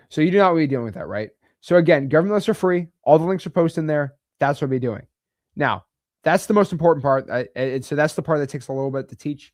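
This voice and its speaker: A man's voice: a little high, quick pace, darkish tone, dry recording, clean studio sound. Blunt, chatty American man coaching. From United States. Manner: blunt, emphatic and chatty, with slangy asides. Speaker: real estate wholesaling coach. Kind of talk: casual teaching to camera.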